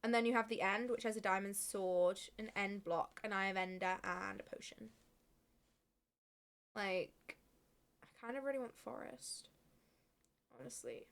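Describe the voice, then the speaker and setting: A woman's voice: medium pitch, measured pace, pauses often. A young woman chatting casually to viewers on a live stream, swearing freely and laughing often.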